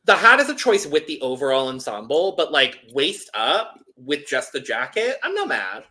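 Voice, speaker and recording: Bright, lively man chatting casually. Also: on the high side, normal speed. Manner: chatty, lots of likes and restarts. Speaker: podcast co-host. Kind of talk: casual recap chat.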